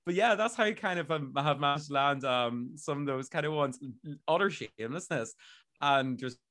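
A man's voice: a little high, normal speed, fairly bright tone. A young man, hosting a podcast in casual chat, talking loosely with lots of fillers and laughing easily. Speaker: podcast host.

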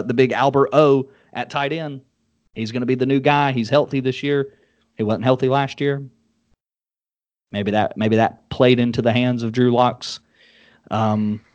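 A man hosting a casual sports podcast, quick and joking as he leads the talk. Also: mid-range voice, steady tone, darkish tone, no room sound, dull audio. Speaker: podcast host.

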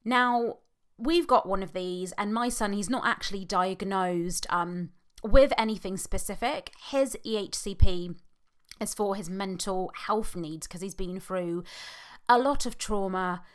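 British mum doing a solo podcast, heartfelt, halting, lots of ums, middle pitch. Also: female voice. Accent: British English. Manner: earnest, heartfelt, halting with fillers. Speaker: podcast host and hypnotherapist. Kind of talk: personal podcast monologue.

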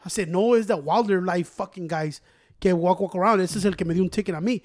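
A man, co-hosting a casual chat and telling stories in a profane, teasing, animated way. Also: sits high, fast talker.

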